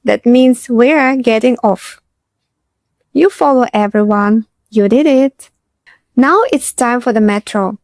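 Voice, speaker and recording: A woman, a teacher narrating a slow scripted lesson and repeating phrases for learners. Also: a little high, darkish tone, no echo. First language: Russian. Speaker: Russian teacher.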